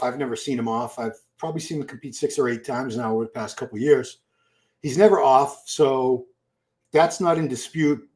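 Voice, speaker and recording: Middle-aged male streamer, relaxed off-the-cuff commentary, reacts to chat as he goes. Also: mid-range voice. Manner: chatty, thinks aloud, reacts to chat. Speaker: livestream host. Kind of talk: casual live-stream commentary. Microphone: computer mic for live stream.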